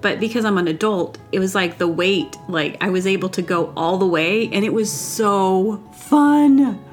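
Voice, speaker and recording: In a casual solo vlog with faint music behind her, a woman with a mid-range voice tells a rambling personal story a little slowly. She's upbeat and giggly, chatting away with plenty of "like" fillers.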